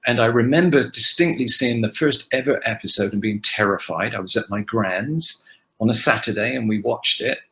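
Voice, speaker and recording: Older man, guest actor on a video call from home, lively storyteller, bright and forceful tone. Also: mid-range voice, moderate pace, low-quality recording. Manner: animated anecdotal storytelling. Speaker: guest actor answering fan questions. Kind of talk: casual virtual panel Q&A. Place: home kitchen.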